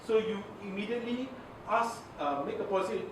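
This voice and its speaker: A man's voice: high-pitched, lively intonation, fairly quick, a bit bright. A man giving a chatty training lecture, full of fillers and asides. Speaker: communications trainer. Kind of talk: informal workshop lecture. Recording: echoey room from far off, faint hiss.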